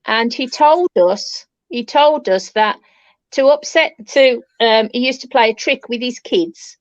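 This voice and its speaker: Woman telling a lively ghost story. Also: a little high, unhurried, no echo, muffled recording. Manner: lively anecdote telling, repeats phrases. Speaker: paranormal investigator panelist. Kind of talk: casual chat.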